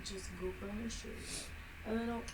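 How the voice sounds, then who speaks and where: A woman co-hosting a casual podcast chat, teasing and quick with giggly asides. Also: medium pitch, steady tone, far from the mic, noisy background. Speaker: podcast co-host.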